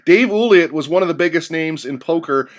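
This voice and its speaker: A man hosts an interview, telling stories conversationally before he asks his questions. His voice sits a little higher than most men's. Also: fairly quick. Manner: conversational, storytelling. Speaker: interviewer host.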